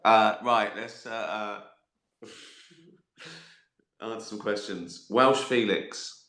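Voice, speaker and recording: A man's voice: fairly low pitch, takes it slowly, bright, forceful tone. A man hosting a casual livestream and answering viewer questions. He rambles, chuckles often and swears freely as he jokes. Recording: roomy echo.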